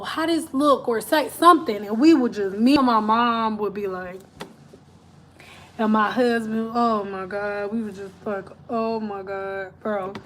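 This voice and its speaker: A woman's voice: fairly high pitch, a little hiss or hum. A woman hairstylist telling stories in a chatty, slangy way on a casual live stream from home. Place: at home, TV in another room.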